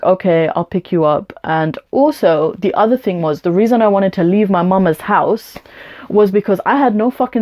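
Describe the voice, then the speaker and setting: A woman's voice: mid-range voice, mellow. A young woman, telling a personal story to camera in a blunt, indignant rant full of swearing and "like". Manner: blunt, profane, indignant, with lots of "like" and "um". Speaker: vlogger.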